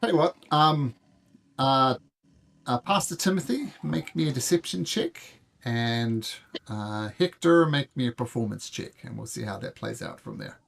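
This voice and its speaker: A relaxed game master describing the scene and calling for rolls. His tone is wry and easygoing, with a mid-range voice. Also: medium pitch, a little slow, creaky. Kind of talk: narrating a tabletop game.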